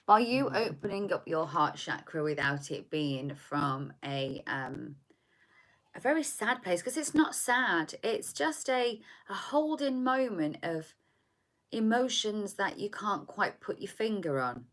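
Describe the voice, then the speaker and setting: A woman giving a spiritual tarot reading, soft and meandering, often repeating words as she searches for them. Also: medium pitch, very animated, slow. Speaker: tarot reader.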